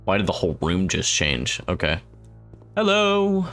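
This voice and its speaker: A man's voice: sits low, brisk, fairly bright tone, soft background music. A young man casually commenting as he plays a game, joking, reacting aloud and slipping into silly voices. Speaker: gameplay streamer. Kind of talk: let's play commentary.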